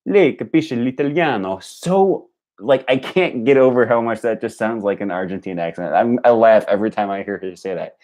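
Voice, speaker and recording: Young male language learner, deep and warm, thinks aloud and drills phrases. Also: normal speed, few pauses. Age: young adult. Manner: repeats phrases aloud, analytical about sounds. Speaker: language learner streaming his study. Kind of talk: live-stream study session, thinking aloud.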